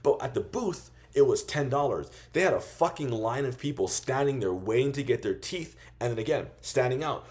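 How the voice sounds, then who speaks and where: A man coaching small vendors in a loose, profane style, acting out quick sales pitches as he goes. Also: expressive, darkish tone. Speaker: business coach. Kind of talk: casual instructional monologue.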